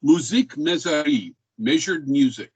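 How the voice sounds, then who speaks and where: A male music history teacher lectures in a casual, rambling way, filling pauses with ums and uhs. He voices speech rhythms to make his points. The recording is dry and close, with little room sound. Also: on the high side, lively intonation, breathy edge, no echo, muffled recording.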